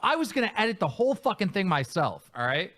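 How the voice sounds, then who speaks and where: Profane, animated man telling a story. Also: high voice, fast talker. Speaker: podcast co-host. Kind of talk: casual storytelling chat. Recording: played clip from another podcast.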